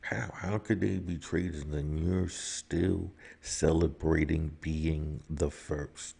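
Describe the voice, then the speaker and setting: A man speaks slowly in a very low, gravelly voice. His tone is dark and husky. He pushes his points hard with repeated rhetorical questions. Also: flat delivery. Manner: rises to heated outbursts. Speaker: commentator. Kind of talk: opinion monologue.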